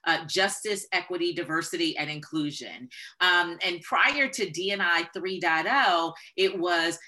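A woman speaking as a guest expert in an interview, emphatic and building to forceful points. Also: lowish voice, measured pace. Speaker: guest expert on corporate diversity. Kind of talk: conversational interview talk.

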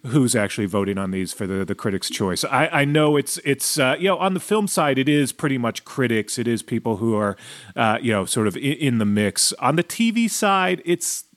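A man leads a casual panel discussion as its host. He speaks in a halting way, restarting phrases and using plenty of fillers. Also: medium pitch, lively intonation.

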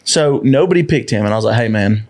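A man's voice: mid-range voice, fast talker. A man hosting a podcast, telling stories in casual chat and swearing freely. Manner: animated storyteller, swears freely. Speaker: podcast host.

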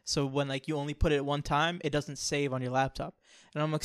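A man co-hosting a podcast, telling a long comic story in an animated, joking way. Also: a little high, a little fast, clean tone, no room sound, studio quality. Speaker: podcast co-host. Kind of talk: casual storytelling chat.

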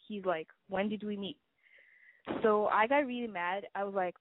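A woman's voice: medium pitch, fairly even intonation, moderate pace, slight background noise. Chatty young woman caller on a phone line. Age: 20s. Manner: rambling, chatty storytelling with many "like"s. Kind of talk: call-in story. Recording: dry, tinny phone line.

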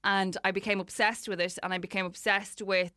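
A woman co-hosting a podcast in casual chat, with quick, teasing reactions. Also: medium pitch, little pitch movement, bright, forceful tone, dry recording, studio quality. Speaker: podcast co-host.

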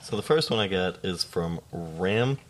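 A young man co-hosting a podcast, reading listener stories aloud in a casual, deadpan way, swearing freely and laughing now and then. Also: low-pitched, moderate pace. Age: young adult.

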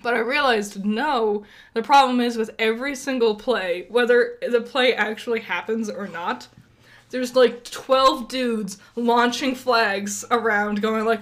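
A woman co-hosting a podcast, rambling casually and laughing often. Her voice sits a little high for a woman. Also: unhurried, fairly bright tone. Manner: giggly, rambling with frequent laughs. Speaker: podcast co-host. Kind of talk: casual chat.

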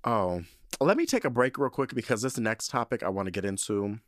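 A young man hosting a podcast, telling stories in a casual, profane, animated way, with a tight, allergy-clogged throat. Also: fairly low pitch, a little fast, no room sound, studio quality. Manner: animated, profane, dramatic voice swings into quoted lines. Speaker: podcast host. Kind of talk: casual storytelling monologue.

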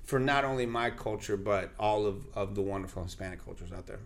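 A man's voice: lowish voice, a little fast. A man whose first language is Spanish, a guest actor and radio host, telling stories in an interview and acting out the people in them. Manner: animated, acts out the people in his stories. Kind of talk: lively interview storytelling.

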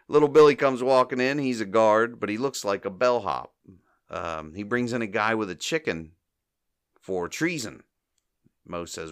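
Man host, animated low voice, bright tone, jumps into goofy character voices mid-recap. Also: moderate pace. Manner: acts out quoted lines in bursts of silly voices, laughs often. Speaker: podcast host. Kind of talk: casual comedy recap.

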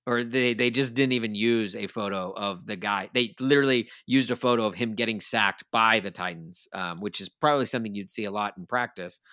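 A man's voice: fairly low pitch, fairly quick, few pauses, bright, forceful tone, dry recording, clean studio sound. A man co-hosting a casual sports podcast, rambling and laughing as he talks. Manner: rambling, self-deprecating, laughs often. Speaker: podcast co-host.

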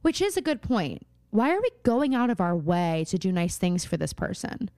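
A woman's voice: mid-range voice, very animated, normal speed, darkish tone, no echo, clean studio sound. A woman co-hosting a podcast, chatting casually and playfully about a TV show, riffing on jokes and laughing often. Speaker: podcast co-host. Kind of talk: casual chat recapping a TV show.

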